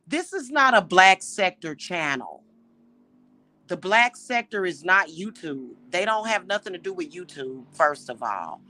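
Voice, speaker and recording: A woman livestream host talks straight to her viewers in an indignant, exasperated rant. She lays out her points slowly and emphatically, often repeating them and firing off rhetorical questions. Her voice is bright and forceful, and it sounds close and dry with no room echo. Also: fairly low pitch.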